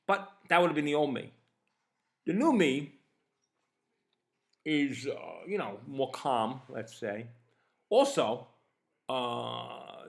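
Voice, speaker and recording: With a gravelly, medium-pitched voice, a man in his fifties who hosts a podcast tells a personal story in a relaxed way. Swearing and animated, he plays both parties in the conversation.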